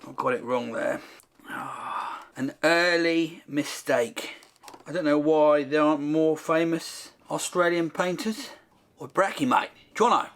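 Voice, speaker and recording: A man's voice: on the high side, steady tone, takes it slowly. A male host giving comic, self-deprecating commentary while he paints.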